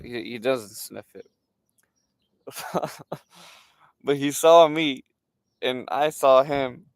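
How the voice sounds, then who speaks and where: A young man telling a story from his day in a casual, animated way, swearing and using lots of fillers. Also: mid-range voice, clear, resonant tone, no echo. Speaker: streamer.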